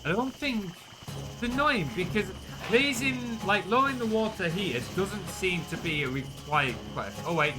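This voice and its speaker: A Yorkshire man from Northern England, with a voice on the high side, streams a game with casual, chatty commentary, swearing freely and answering his chat aloud. The recording quality is low.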